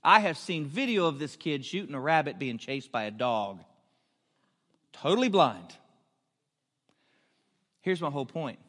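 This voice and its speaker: A man's voice: fairly high pitch, expressive, brisk, hardly any pauses, pushed and bright. A man preaching a storytelling sermon, earnest and building to emphatic questions. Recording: long hall reverb.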